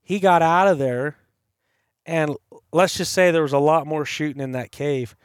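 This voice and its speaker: Animated storytelling man, dry close sound. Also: on the high side, normal speed, smooth, no room sound. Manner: animated storyteller, acts out quoted voices. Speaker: podcast host. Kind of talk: casual storytelling. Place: campside.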